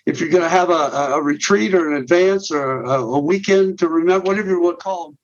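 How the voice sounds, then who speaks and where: In a podcast interview, a middle-aged men's ministry director walks through his method step by step, often restarting and repeating words. He talks fast in a slightly high voice. The sound is dull and muffled.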